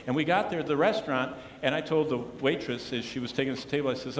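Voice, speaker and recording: A man preaching a sermon as pastor, earnest, often dropping to a hushed tone to stress a point. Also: medium pitch, very fast, hardly any pauses, a little hiss or hum. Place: church sanctuary. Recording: echoey church hall with long reverb.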